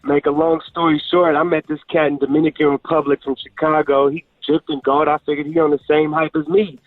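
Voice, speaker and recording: A man's voice: a little high, a little fast, vocal fry, dry recording. A caller in his twenties from Oakland, telling a story in a laid-back, slangy way over the phone. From Oakland, California. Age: 20s. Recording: muffled phone line.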